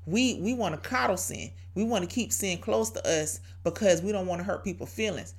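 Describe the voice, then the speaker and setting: A woman hosts a devotional podcast, exhorting listeners in a preachy yet conversational style full of rhetorical questions and repeated key phrases. Her mid-range voice is slightly rough and fairly quick.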